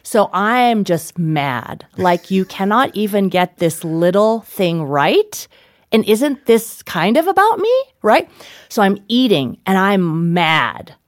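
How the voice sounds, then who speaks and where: A middle-aged woman, an author and guest, telling stories in lively conversation, laughing and acting out the voices of the people she quotes. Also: medium pitch, slow, no room sound, studio quality. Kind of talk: conversational storytelling.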